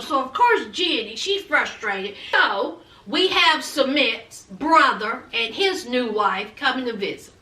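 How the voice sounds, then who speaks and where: A woman with a very high, bright voice who recaps a show in a sassy, dramatic way, taking her time. Her speech is slow. The sound is roomy, and she sits well back from the mic. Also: lively intonation. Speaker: vlogger recapping a reality show. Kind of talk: casual recap commentary. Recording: echoey room, distant mic.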